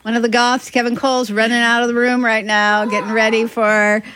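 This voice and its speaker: A woman's voice: fairly high pitch, level tone, fairly quick, a bit bright, a little hiss or hum. A woman radio DJ in casual on-air chat, enthusiastic and reading listener messages. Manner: chatty and enthusiastic, reads listener messages aloud.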